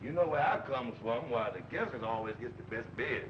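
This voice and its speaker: A man plays a sly, sleepwalking former barber with a mid-pitched voice. He speaks in a slow deadpan drawl, mangling big words, in 1940s film comedy style. The sound is a dull old film soundtrack with faint hiss. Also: natural voice.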